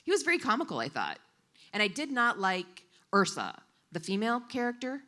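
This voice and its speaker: A woman interpreting for a storyteller, voicing a live story at a coffee shop event in an animated, expressive way. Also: fairly high pitch, fairly quick.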